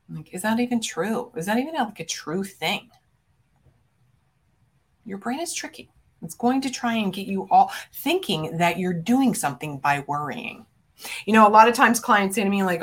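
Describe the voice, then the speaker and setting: A woman's voice: mid-range voice, expressive, moderate pace, a bit bright. A middle-aged woman coach hosting a motivational podcast, talking to listeners in a direct, emphatic way and swearing casually. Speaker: business coach and podcast host.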